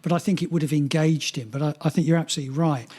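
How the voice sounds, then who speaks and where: A husky, slightly breathy man, middle-aged, talking in a somewhat higher register than most men. He rambles through casual podcast chat, laughing and swearing freely. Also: steady tone, racing, darkish tone. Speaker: podcast co-host.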